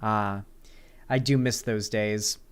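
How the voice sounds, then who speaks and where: A man streams and talks straight to his chat in loose, rambling sentences. He is sarcastic and swears freely. His voice sits at an ordinary middle pitch for a man. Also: moderate pace. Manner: answers viewer chat questions aloud. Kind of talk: casual livestream chat.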